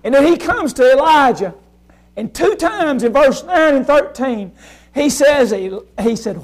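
A man with a strikingly high voice preaches a fervent sermon. He swings from shouting down to a near hush, and keeps asking his listeners rhetorical questions. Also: expressive, unhurried, low-quality recording. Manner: fervent, swinging from loud shouting to hushed quiet; asks the congregation rhetorical questions.

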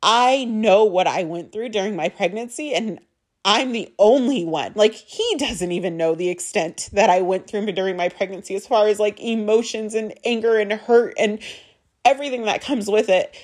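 A woman's voice: mid-range voice, normal speed, a little mellow. A young woman, a mother, telling a personal story in an emotional, emphatic monologue, swearing and repeating herself for stress.

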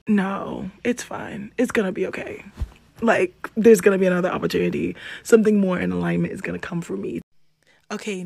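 A young woman in her twenties hosting a casual podcast, animated, swinging between loud venting and soft asides. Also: lowish voice, vocal fry, no room sound. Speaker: podcast host.

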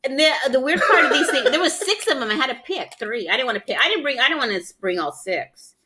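A woman's voice: sits high, animated, fast, sharp tone. A woman co-hosting a casual show, chatty and easily amused as she tries snacks. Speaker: podcast co-host. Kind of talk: casual chat, taste-testing snacks.

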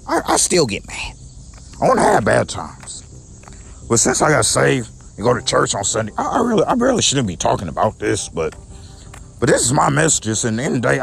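Young man, vlog rant, aggrieved and repetitive, lively swooping pitch, faint music behind. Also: vocal fry. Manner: repetitive and aggrieved, with many restarts. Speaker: vlogger. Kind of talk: personal rant to camera.

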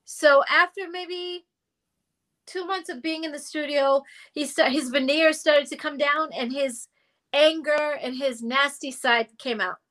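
A middle-aged woman, a former girl group singer, telling animated stories in a casual interview and acting out the people she quotes. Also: high-pitched, unhurried. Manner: animated storyteller who acts out quotes and sings notes.

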